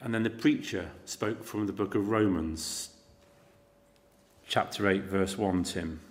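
A man's voice: sits low, a little slow. Dramatic storytelling male preacher. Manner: dramatic storytelling, swings between loud emphasis and quiet intensity; speaks to the congregation directly with rhetorical questions. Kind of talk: sermon.

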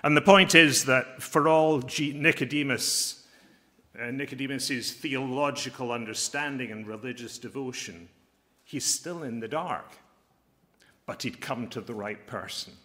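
A man preaching a sermon as a pastor and chaplain, earnest and emphatic, slowing down to stress key phrases. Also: mid-range voice, bright, forceful tone.

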